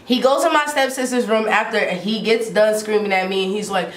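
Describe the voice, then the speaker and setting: A woman in her twenties telling a casual storytime, animated and slangy, with lots of filler "like". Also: medium pitch, brisk, slight background noise. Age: 20s. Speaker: vlogger. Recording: roomy sound from off the mic.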